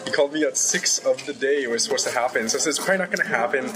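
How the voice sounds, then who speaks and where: A young man in casual talk, retelling a story in a rambling, animated way and acting out the dialogue. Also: mid-range voice, racing, rough recording. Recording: crowd noise behind.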